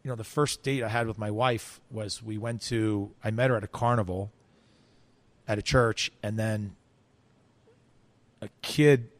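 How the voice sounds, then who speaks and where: A man's voice: on the low side, fairly even intonation, a little slow, pauses often. A man telling a story in an interview, acting out quoted voices, with frequent restarts. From United States. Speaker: interview guest.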